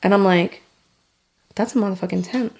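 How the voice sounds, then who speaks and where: Animated, swearing woman telling a story. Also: mid-range voice, normal speed. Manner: animated storyteller, swears a lot, acts out quotes. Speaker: podcast co-host. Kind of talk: casual chat.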